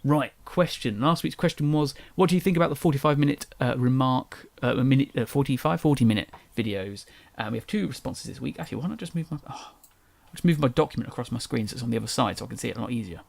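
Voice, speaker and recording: A man's voice: mid-range voice, fast talker, gravelly, a little mellow, no room sound. A young man with a casual English accent that drops its T's, hosting a solo podcast in a rambling, chatty way that keeps correcting itself. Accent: English, dropped T's. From England. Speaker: podcast host.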